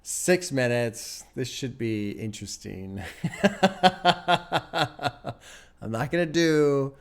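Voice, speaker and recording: A man's voice: mid-range voice, expressive, measured pace, smooth. A man hosting a music reaction video, musing and rambling in casual commentary, chuckling often and sometimes dryly sarcastic. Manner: wry sarcasm.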